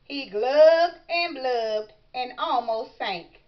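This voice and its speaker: Lady reading a kids book out loud, slow and sing-songy, bit muffled sound. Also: on the high side. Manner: animated, sound effects. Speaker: storybook reader. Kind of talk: expressive picture-book read-aloud. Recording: slightly muffled recording.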